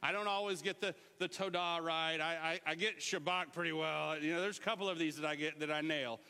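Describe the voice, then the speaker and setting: Animated pastor in a big hall. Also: male voice, a little high, a little fast, smooth. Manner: animated, shouts out words to demonstrate. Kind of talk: sermon.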